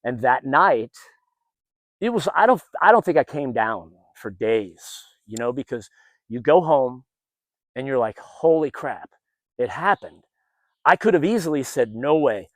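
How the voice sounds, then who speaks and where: A man's voice: mid-range voice, moderate pace, no room sound. Middle-aged man telling a story, dry sound. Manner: animated, acts out what others said, many restarts. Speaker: vlogger and former event announcer. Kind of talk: casual personal storytelling.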